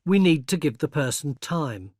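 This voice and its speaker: An older man narrating a scripted educational video, explaining patiently and clearly and speaking example phrases kindly. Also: fairly high pitch, expressive, moderate pace, darkish tone, dry recording, clean studio sound. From England. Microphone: close studio mic.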